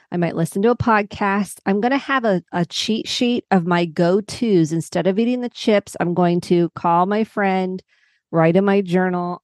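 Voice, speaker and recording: Woman, psychotherapist guest, low voice, dry close mic, earnest step-by-step explaining. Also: darkish tone, no echo. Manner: earnest, walks through examples step by step. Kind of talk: podcast interview.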